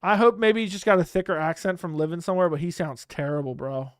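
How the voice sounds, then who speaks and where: A man hosts a live stream from home into a close studio mic, and his smooth, crisp voice sits slightly high for a man. He talks bluntly in loose slang, often trailing off mid-thought, with a dry, close sound and no room around it. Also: quick pace, no room sound. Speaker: livestream host. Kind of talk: casual live-stream chat reading viewer comments. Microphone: studio microphone close up.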